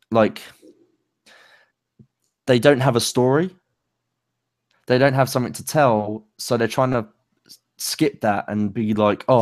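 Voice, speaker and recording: A young man co-hosting a casual chat about songwriting, talking loosely with many fillers and pauses. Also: fairly low pitch, darkish tone, dry recording, clean studio sound. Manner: loose, lots of fillers and likes, pace speeds up and slows. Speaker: co-host.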